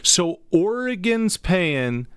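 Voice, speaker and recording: A man co-hosting sports talk radio as an animated storyteller who builds his stories to punchlines. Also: high voice, very slow, clear, resonant tone, no room sound, studio quality. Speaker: guest co-host. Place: radio studio.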